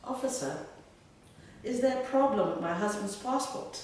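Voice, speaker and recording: A woman's voice: mid-range voice, lively intonation, moderate pace, a little mellow, recorded from a distance, slight background noise, voice pushed up, lightly acted. A woman voicing a haughty lady with a posh upper-class English accent. It is a live reading, heard in an echoey room. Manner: posh, superior.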